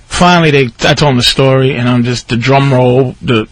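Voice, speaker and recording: A man telling a long story on a radio talk show, profane and animated, jumping into high shouting voices for the people he quotes. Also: moderate pace, hardly any pauses, no room sound. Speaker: guest storyteller.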